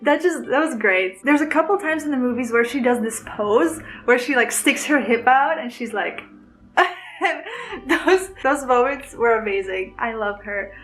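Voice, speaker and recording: A woman's voice: high-pitched, expressive, a little slow, poor audio. A woman vlogger chatting to camera about a film she loves, gushing and giggly, rambling with restarts. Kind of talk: casual chat to camera.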